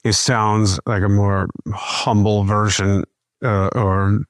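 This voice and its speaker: Man, podcast host, slow deliberate talk, low voice, dry close sound. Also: level tone, no room sound. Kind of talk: casual interview chat.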